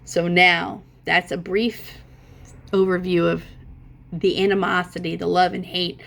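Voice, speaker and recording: Middle-aged woman, gravelly voice, lowish pitch, casual profane storytelling, animated. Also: a little slow. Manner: animated, profane, voice jumps up when emphatic. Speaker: vlogger.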